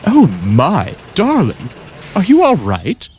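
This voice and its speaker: A man's voice: high voice, huge pitch swings, takes it slowly, a little mellow, a little hiss or hum, voice pushed up, exaggerated voice. A man voicing a female railcar in a storybook, motherly and reassuring, calling others darling. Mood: caring. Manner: calls everyone darling, reassuring.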